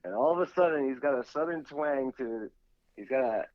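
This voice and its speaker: A man co-hosts a casual sports podcast and laughs often as he tells his stories. His pitch sits in the middle of the range. His voice comes over a dull, lo-fi remote line. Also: expressive, moderate pace, no room sound. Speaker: podcast co-host.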